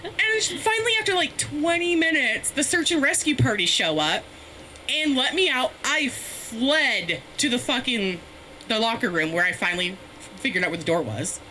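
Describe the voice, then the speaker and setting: Bright-voiced profane woman comic. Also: high voice, animated, normal speed. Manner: rambling, profane, self-mocking, laughs often. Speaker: comedian. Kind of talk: stand-up storytelling. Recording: faint background noise, live stream.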